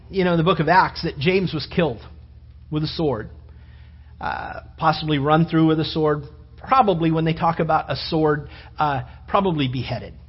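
Husky-voiced man preaching a sermon. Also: a little high, dull audio. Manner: animated storytelling, acting out disciples' voices. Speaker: pastor.

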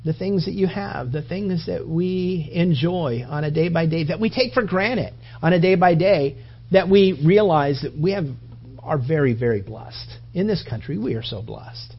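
A man's voice: on the high side, animated, moderate pace, creaky, breathy edge, lo-fi sound. A man preaching a sermon in a conversational, rambling way, often restarting his sentences.

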